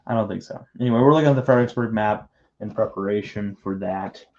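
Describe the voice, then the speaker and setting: A man's voice: fairly low pitch, quick pace, darkish tone. A man hosting a livestream, chatting casually and teasing his co-host while building, with rambling talk and frequent restarts. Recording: muffled lo-fi stream audio.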